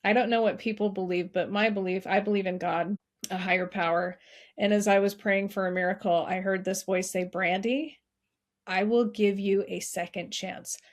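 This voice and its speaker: A middle-aged woman speaks as a podcast guest, recounting a hard family story. She is earnest and heartfelt and often restarts her sentences. Her voice sits in an ordinary middle pitch. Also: steady tone, a little fast. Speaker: podcast guest, nonprofit founder. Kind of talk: emotional personal storytelling.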